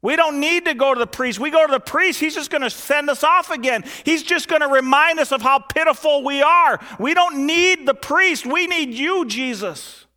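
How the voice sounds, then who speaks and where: A man voicing a group of desperate outcast leper men who plead loudly and in disbelief, as a pastor acts them out in a sermon. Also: normal speed, few pauses, in a large hall. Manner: loud, high, incredulous pleading.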